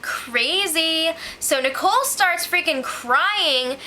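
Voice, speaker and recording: A woman giving a casual, animated spoiler recap, exclaiming and acting out what people said. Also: extremely high pitch, slow pace, a little hiss or hum, low-quality recording. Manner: animated, exclaiming, acts out quotes. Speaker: show recap host.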